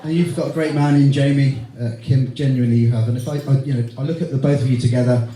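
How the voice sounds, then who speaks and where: A man's voice: mid-range voice, fairly even intonation, fast talker, warm tone. A middle-aged man giving a teasing, heartfelt best man speech at a wedding reception. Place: wedding reception hall with guests. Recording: echoey hall from far off, crowd.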